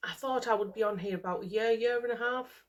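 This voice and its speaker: This is a middle-aged woman from the UK vlogging to camera in a casual chat, talking fast in a fairly high-pitched voice. Emotional and overwhelmed after a morning of tears, she keeps sighing and repeating herself.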